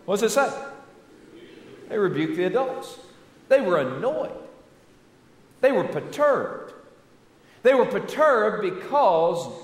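Southern pastor preaching, voice jumps all over, big church echo. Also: male voice, high-pitched. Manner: animated, rhetorical questions, folksy. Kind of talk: sermon. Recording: echoey church hall.

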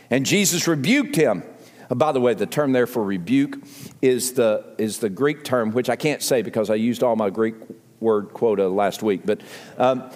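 Older Southern pastor preaching in a hall. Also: male voice, mid-range voice, lively intonation, normal speed, darkish tone. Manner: earnest, repeats phrases, rises to emphatic appeals. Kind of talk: sermon. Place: church sanctuary.

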